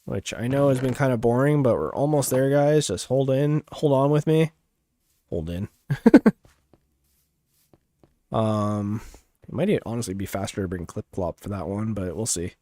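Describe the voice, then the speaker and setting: A man's voice: medium pitch, measured pace, pauses often, no echo. Laid-back male gaming streamer. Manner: laid-back, self-described monotone, chuckles often. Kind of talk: casual gaming livestream chat.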